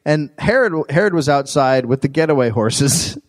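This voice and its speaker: A man's voice: medium pitch, lively intonation, moderate pace. Laughing man telling a story on stage. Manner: narrates with frequent laughs and shouted acted quotes. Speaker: podcast host. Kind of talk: live comedy history storytelling. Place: live stage show with audience.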